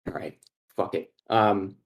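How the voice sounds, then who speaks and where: A man's voice: low-pitched, steady tone, a little slow, pitched below the performer's own voice. A man voicing a stern, blunt female elf. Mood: exasperated. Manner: curt, swears under her breath.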